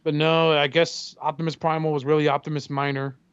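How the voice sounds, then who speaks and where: A man co-hosting a podcast in casual chat, swearing freely and telling animated stories. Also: on the high side, a little fast, smooth, dry recording, lo-fi sound. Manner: profane, animated storyteller who acts out quotes. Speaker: podcast co-host.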